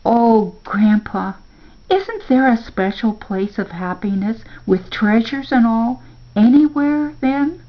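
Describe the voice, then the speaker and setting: A woman's voice: fairly high pitch, expressive, slow pace, highs cut off, pitched above the performer's own voice. A woman voicing an earnest, wondering young boy in a storybook reading. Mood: eager.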